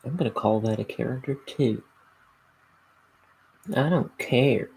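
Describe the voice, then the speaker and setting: A man's voice: mid-range voice, measured pace, vocal fry, a little mellow, slightly rough, low-quality recording. An American man chatting casually to his stream while inking, rambling and laid-back. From United States. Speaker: artist streaming while inking a graphic novel.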